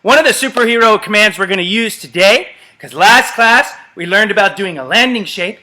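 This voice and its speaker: A man's voice: high-pitched, lively intonation, normal speed, pushed and bright. A man coaching an upbeat virtual home workout class, calling out commands and making sound effects, recorded in an empty gym. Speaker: gymnastics coach.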